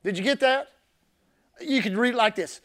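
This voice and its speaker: Delivering a sermon at a moderate pace, a pastor speaks fervently and repeats his core phrases. He alternates between shouting for emphasis and quiet, low-voiced asides.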